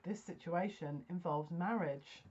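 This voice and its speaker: A woman giving a casual tarot card reading, excitable and often gasping and breathless. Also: lowish voice, measured pace, highs cut off.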